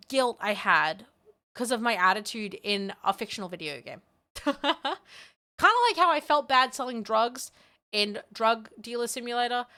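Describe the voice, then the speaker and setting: A woman streaming live, her voice bright and clear. She rambles in a candid, self-deprecating way and often laughs at herself. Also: on the high side. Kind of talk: casual live-stream chat.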